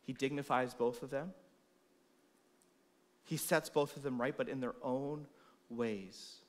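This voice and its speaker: A man preaching a sermon in a church, expressive, moving between loud emphasis and soft, hushed lines. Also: medium pitch, slow pace. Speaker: pastor.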